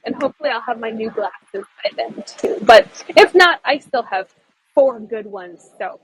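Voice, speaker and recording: A woman's voice: on the high side, breathy edge, low-quality recording. A young woman tour guide chatting casually on a live stream, bubbly and talkative, thanking viewers and answering their comments.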